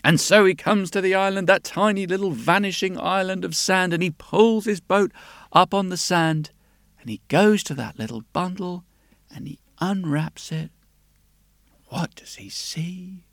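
A man telling a folk tale aloud in a lilting, unhurried way, with asides to the listener. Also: high-pitched, gravelly, dry recording, studio quality. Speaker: storyteller. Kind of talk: oral storytelling. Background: soft guitar.

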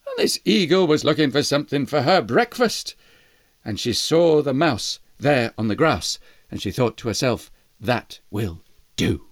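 A storyteller reading a children's tale in a gentle, expressive way. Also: medium pitch, moderate pace, no room sound, clean studio sound. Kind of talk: bedtime story narration.

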